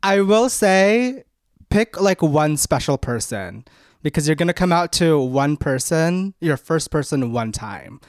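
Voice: mid-range voice, very animated, unhurried, no echo. A playful podcast host reads out listener questions and gives advice. The voice sounds dry and close to the mic. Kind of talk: casual chat.

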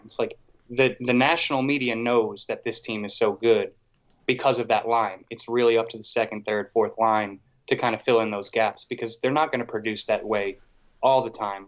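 A man co-hosting a podcast, talking hockey casually in a rambling, animated way with a lot of "like". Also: lowish voice, lo-fi sound. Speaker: podcast co-host.

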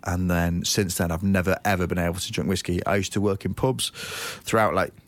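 A man, a comedian guest telling lively anecdotes on a podcast with many restarts and acted-out quotes. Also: low voice, brisk. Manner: animated, lots of restarts and voiced quotes.

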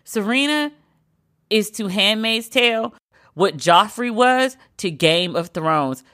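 A woman hosting a solo pop-culture podcast, talking in a sassy, sarcastic, animated way. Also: mid-range voice, slow pace. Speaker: podcast host.

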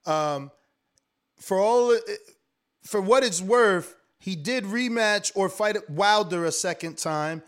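Taunting high-voiced man in debate. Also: takes it slowly, clean tone. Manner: taunting, repeats jabs over and over. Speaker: boxing show panelist. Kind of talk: heated debate. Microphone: remote call mic.

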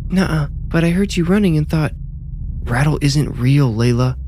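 A man's voice: on the high side, lively intonation, moderate pace, darkish tone, slight background noise, pitched above the performer's own voice, natural voice. A man voicing a small girl who whispers timidly in a hurt, sniffly way.

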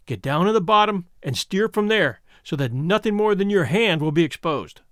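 A resolute patrolman speaking calm and firm, his voice bright and lively in pitch, as a male narrator reads him. It sounds close and dry. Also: normal speed, no echo. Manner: calm and firm, turning hushed in tense moments. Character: steady, determined male fish patrolman.

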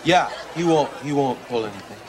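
An actor playing a dim-witted Canadian hoser brother who hosts a TV show, talking haltingly with lots of "like" and "eh". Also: male voice, mid-range voice, expressive, a faint crowd, a little hiss or hum, natural voice. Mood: nervous. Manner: halting, sprinkles "like" and "eh". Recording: archive TV clip with loud audience.

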